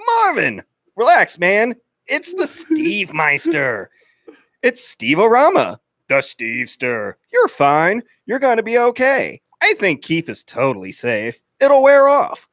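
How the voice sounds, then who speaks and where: A man's voice: fairly high pitch, sing-song, normal speed, fairly bright tone, no echo, studio quality. A man playing a clingy, needy teenage boy in a comedy radio skit, talking in a whiny, overeager sing-song. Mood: soothing.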